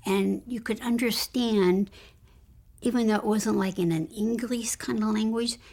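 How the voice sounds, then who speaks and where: A woman guest in an interview, earnestly recounting a personal spiritual experience and often dropping into a hushed whisper. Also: fairly high pitch, fairly even intonation, a little slow. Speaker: guest telling her near-death story.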